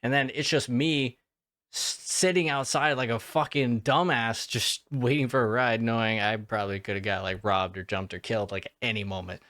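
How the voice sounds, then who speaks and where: A man's voice: medium pitch, fairly bright tone, dry recording, clean studio sound. A young man recapping a movie in a casual way, rambling off on tangents, swearing freely and filling his talk with "like". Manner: profane, rambling, goes off on tangents; filler-heavy, lots of "like".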